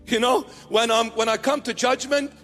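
A middle-aged bishop with a high voice preaches a lighthearted sermon, teasing his congregation and playing out both sides of little conversations. His words ring out in a hall with a long reverb. Soft music sits faintly underneath. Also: steady tone, a little slow. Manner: playful, teasing preaching with mock dialogues.

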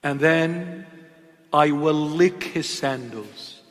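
A man preaching an impassioned sermon, swinging between loud emphatic calls and hushed, intimate asides. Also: a little high, very slow, long reverb tail.

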